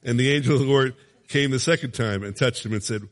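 A man's voice: mid-range voice, fairly quick, long reverb tail. A man preaching a sermon, reading scripture dramatically and adding conversational asides with chuckles.

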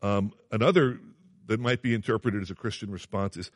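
A man's voice: fairly low pitch, brisk, no room sound, clean studio sound. A man preaching a sermon, earnest and emphatic, repeating phrases and asking his listeners questions.

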